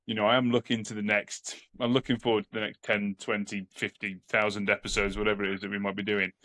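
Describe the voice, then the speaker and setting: A man's voice: on the low side, level tone, quick pace, pushed and bright. A man co-hosting a casual podcast, rambling and repeating words as he thinks aloud. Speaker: podcast co-host.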